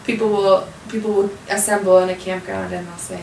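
A young adult woman telling a story in a casual, animated way, full of "like" fillers, acting out the people she quotes. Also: mid-range voice, brisk, creaky, slight background noise. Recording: echoey room, mic at a distance.

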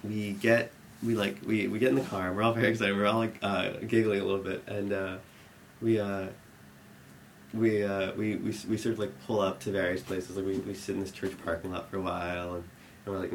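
A man's voice: fairly low pitch, level tone, fairly quick, slight background noise. A young man telling a long funny story, rambling with many restarts and laughing at his own lines. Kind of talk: live storytelling.

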